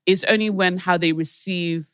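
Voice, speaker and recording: A young woman with a London accent, hosting a casual podcast chat in an animated, chatty way. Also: on the low side, normal speed, clear, resonant tone, no room sound, studio quality. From United Kingdom. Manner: chatty, animated, laughs often. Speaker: podcast host.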